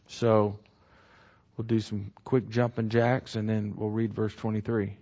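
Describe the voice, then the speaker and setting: A man's voice: fairly low pitch, little pitch movement, unhurried, darkish tone. A man teaching the Bible verse by verse in a conversational way. He repeats key phrases and keeps asking "right?". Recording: dull lo-fi recording.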